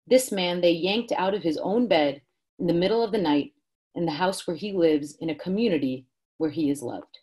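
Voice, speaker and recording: A woman reading a first-person prose excerpt aloud in a steady narrative way. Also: fairly low pitch, normal speed, breathy edge.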